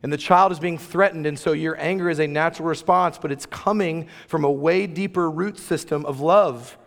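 A man's voice: on the high side, moderate pace, creaky. A man preaching a sermon as pastor, conversational and emphatic, with playful asides to the room. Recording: long reverb of a large hall.

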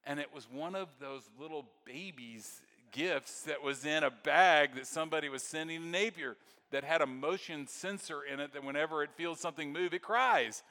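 A man preaching a sermon, telling stories with excitement and then dropping to hushed, tender moments. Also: fairly high pitch, moderate pace. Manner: storytelling, swings from excited to very soft and hushed. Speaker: pastor. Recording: long hall reverb.

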